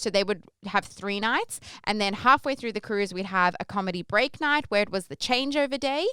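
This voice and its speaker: A young Australian woman talks through a story at her own pace, rambling a little and full of asides. Her voice is very smooth and resonant, with no room sound around it. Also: medium pitch, no room sound. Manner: chatty, rambling, lively when acting out her stage intros. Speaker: podcast host. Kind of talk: casual storytelling.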